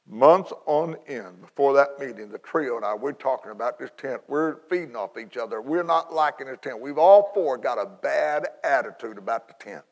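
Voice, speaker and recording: Man, evangelist sermon, folksy storytelling, gravelly voice, long hall reverb. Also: mid-range voice, normal speed, hardly any pauses. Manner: folksy, animated storytelling with repeated restarts. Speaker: evangelist preacher.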